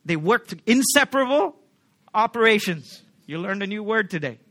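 Male pastor, high bright voice, emphatic sermon delivery, keeps checking in with the congregation. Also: lively intonation, normal speed. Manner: emphatic, asks the congregation rhetorical questions.

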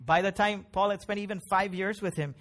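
Middle-aged pastor, man, higher-pitched, chatty yet emphatic preaching. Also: steady tone, a little fast, a bit bright. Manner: conversational, emphatic preaching with frequent tag questions. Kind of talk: sermon.

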